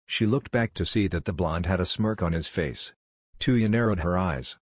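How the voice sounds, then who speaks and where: A man narrating a fan-fiction story in an even, storytelling manner. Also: low-pitched, normal speed, slightly rough, no room sound, clean studio sound.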